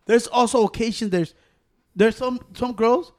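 Male co-host, high voice, cussing casually, animated, says bro. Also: normal speed. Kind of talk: casual chat.

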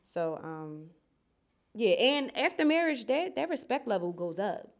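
A woman's voice: fairly high pitch, very animated, a little slow. A woman sharing a personal story in a small group, reflective, in short phrases with fillers. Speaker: group participant. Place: small indoor group setting.

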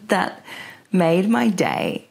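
Giggly young woman, gravelly low voice. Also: normal speed, a little mellow. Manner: chatty, giggly, lots of fillers. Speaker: podcast host. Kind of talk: casual chat. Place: bedroom floor.

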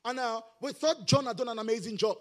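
A middle-aged male pastor preaching a sermon, rising into shouted, sing-song emphasis. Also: extremely high pitch, fast.

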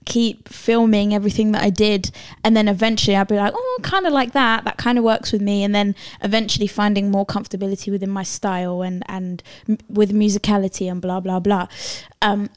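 A woman's voice: medium pitch, fairly even intonation, fairly quick, hardly any pauses, a little mellow, no room sound, clean studio sound. A woman who judges dance competitions, talking in chatty, casual podcast conversation with many fillers. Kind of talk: casual chat.

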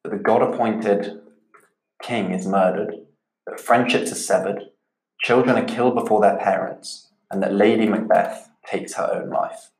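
Guy teaching a lit lesson, lowish voice, steady and explainy, kinda roomy echo on it. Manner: measured, explanatory, repeats key points. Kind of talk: literature lesson. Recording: echoey room.

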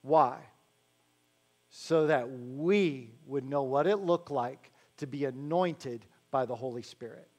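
A man preaching a sermon in a conversational way, slowing down to stress key phrases and adding joking asides to the congregation. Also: medium pitch, a little mellow. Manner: slows to stress key phrases, then rattles along quickly. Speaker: pastor.

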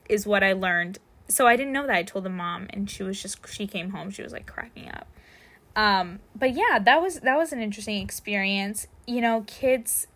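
A woman's voice: mid-range voice, pushed and bright. A young woman telling a casual anecdote about babysitting, acting out the quotes and laughing often. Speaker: storyteller.

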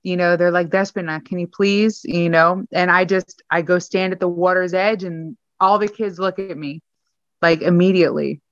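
A woman co-hosting a casual chat podcast, telling stories as someone who says she is always loud. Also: lowish voice, fairly even intonation, moderate pace, dry recording. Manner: loud storyteller. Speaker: podcast co-host. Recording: dry, dull sound.

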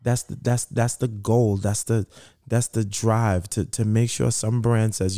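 A middle-aged man tells his story in an interview, his voice low and mellow. He talks earnestly, repeats phrases for emphasis, and acts out the voices of people he quotes. The sound is close and dry. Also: flat delivery, unhurried, no room sound. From Brooklyn, New York. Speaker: founder of a sneaker charity.

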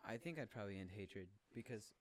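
A man's voice: lowish voice, lively intonation, fairly quick. A young man in casual, rambling chat, swearing freely and laughing as he talks. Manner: laid-back, rambling, profane, laughs often.

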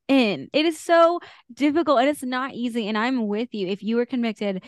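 A woman's voice: fairly high pitch, normal speed, no room sound, clean studio sound. A woman co-hosting a faith podcast, talking in an earnest, confessional way with fillers and small laughs. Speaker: podcast co-host. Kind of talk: casual faith chat.

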